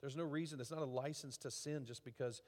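A middle-aged man preaching a conversational sermon as a pastor, with lively acted asides. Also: mid-range voice, quick pace. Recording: long hall reverb.

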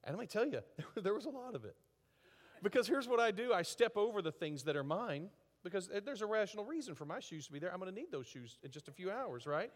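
A middle-aged man preaching a conversational sermon as a pastor, with lively acted asides. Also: sits high, fast. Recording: long hall reverb.

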